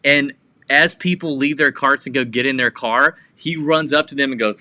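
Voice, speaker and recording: A man co-hosting a casual podcast, telling rambling stories with excitement. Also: mid-range voice, moderate pace, no echo. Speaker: podcast co-host.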